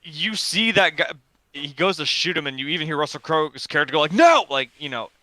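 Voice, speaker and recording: A man co-hosting a film chat podcast, swearing constantly and rambling excitedly about movies. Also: fairly high pitch, brisk, dry recording. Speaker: podcast co-host. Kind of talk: casual chat.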